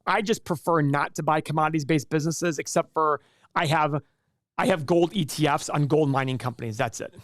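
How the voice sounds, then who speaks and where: A man's voice: a little high, brisk, fairly bright tone, dry recording, studio quality. A man hosting a casual live stream and answering viewer questions in a chatty, rambling way with frequent restarts. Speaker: livestream host.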